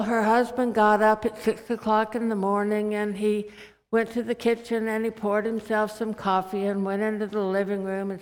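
A woman preacher giving a sermon with gentle storytelling and slow scripture reading. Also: medium pitch. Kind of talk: sermon with anecdotes. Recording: reverberant hall.

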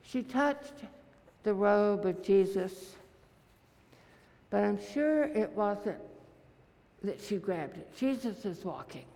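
A woman preacher giving a sermon, retelling a scripture story in vivid, unhurried detail. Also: mid-range voice, animated, warm tone, big-room sound.

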